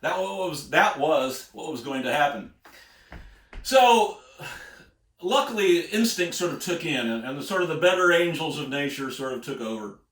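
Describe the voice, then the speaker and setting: A man's voice: a little high, expressive, normal speed, a bit bright. An American man, a singer-songwriter, telling a rambling road story in a folksy way, chuckling often. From United States. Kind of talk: casual spoken storytelling. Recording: echoey room.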